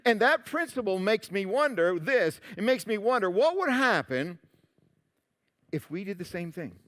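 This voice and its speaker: A male pastor preaching a sermon, animated, moving between loud emphatic lines and quiet asides. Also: sits high, moderate pace. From Canada.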